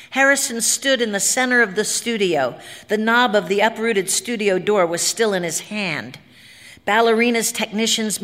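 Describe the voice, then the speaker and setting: A woman's voice: mid-range voice, a bit bright. Woman reading a story with hall reverb. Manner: dramatic, vivid storytelling. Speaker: narrator.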